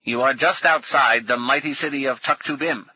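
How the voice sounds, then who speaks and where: A man's voice: mid-range voice, normal speed, bright, forceful tone, husky, no echo, highs cut off, pitched above the performer's own voice. A man voicing a confident male frog-like fisher creature with a faint quacking lilt. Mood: matter-of-fact.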